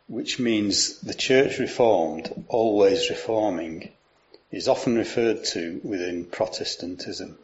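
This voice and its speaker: A man preaching a sermon, explaining and reading scripture aloud in a measured way. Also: fairly low pitch, dull audio, slight background noise.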